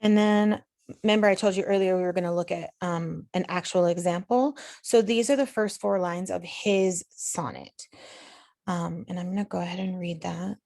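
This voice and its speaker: Slightly gravelly woman teaching a class. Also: fairly low pitch, fairly even intonation, moderate pace, a little mellow, dry recording, clean studio sound. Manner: patient, explanatory, talks students through steps. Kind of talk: recorded online lesson walkthrough.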